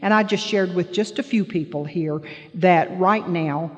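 A woman's voice: fairly low pitch, a little slow, soft background music. Older woman, grandmother, earnest testimony, emotional storytelling, long hall reverb. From Florida panhandle. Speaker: speaker sharing at a recovery meeting. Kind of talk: personal testimony to an audience.

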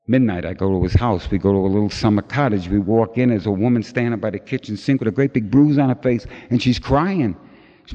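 A middle-aged man tells a personal recovery story in an animated way, putting on the voices of the people in it. The recording is dull and lo-fi, and his voice rings through a large hall with a long reverb. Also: on the low side, moderate pace. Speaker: recovery meeting speaker.

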